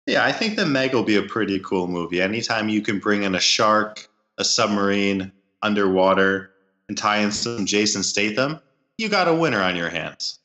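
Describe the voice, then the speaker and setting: Bright-voiced joking male co-host. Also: on the low side, lively intonation, moderate pace. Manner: dry, joking banter. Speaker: podcast co-host. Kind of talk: casual podcast chat.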